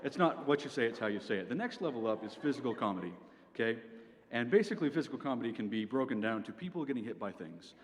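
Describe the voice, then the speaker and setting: A man's voice: mid-range voice, lively intonation, fast. A young man giving a comic presentation at an event, with a dry delivery that tags his points with "okay?". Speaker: speaker at a student event. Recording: reverberant hall, faint background noise.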